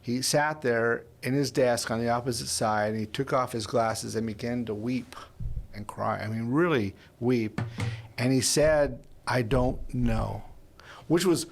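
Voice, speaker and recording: Casting note: man in his sixties, faith podcast host, gravelly voice, rambling storyteller. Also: mid-range voice, measured pace. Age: 60s. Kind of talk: conversational podcast interview.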